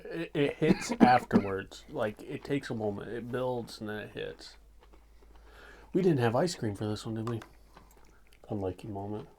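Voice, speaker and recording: Joking American man with lively pitch. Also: normal speed. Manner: joking, laughing often. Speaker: podcast co-host. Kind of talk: casual chat while eating hot sauce.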